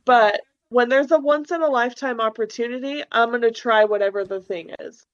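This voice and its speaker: Young female podcast guest, slightly high pitch, lo-fi sound, chatty, acts out quotes. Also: brisk. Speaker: podcast guest, host's wife. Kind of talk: casual chat.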